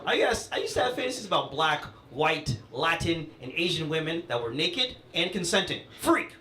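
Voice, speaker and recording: A man's voice: on the high side, sing-song, moderate pace, bright, forceful tone, a little hiss or hum. A young man performing a stand-up comedy set, playful and punchy, with conversational asides to the crowd. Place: comedy venue with audience laughter. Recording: roomy live club sound.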